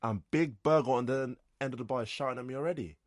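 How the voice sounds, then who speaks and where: A young man, telling a story on his podcast as an animated rant full of swearing and filler words. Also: mid-range voice, fast, dry recording. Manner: animated ranting, frequent swearing and "like". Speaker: podcast host. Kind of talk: casual solo storytelling.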